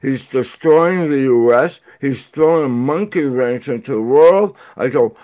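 A man in his eighties speaks as an interview guest, laying out his points in an earnest, lecturing tone. He takes his time, moving at a slow, deliberate pace and pausing on filler sounds, and his voice sits at an ordinary middle pitch. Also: lively intonation, a little mellow. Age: 80s. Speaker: guest author. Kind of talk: interview answer.

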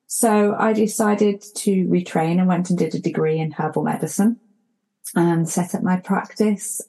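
A woman's voice: lowish voice, mellow. A woman being interviewed as a health expert, earnest and explanatory, with fillers. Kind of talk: radio interview.

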